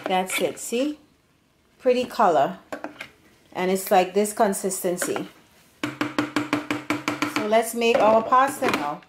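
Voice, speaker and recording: Over loud music, a woman with an expressive mid-range voice takes it slowly, leaving long pauses. She is a home cooking channel host of Serbian background demonstrating in her home kitchen, chatty and meandering, often restarting her sentences.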